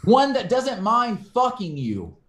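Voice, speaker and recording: A man's voice: extremely high pitch, wildly swooping pitch, takes it slowly, a bit bright, a little hiss or hum. A man co-hosting a casual podcast, teasing his partner and cracking crude, profane jokes. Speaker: podcast co-host. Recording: roomy echo.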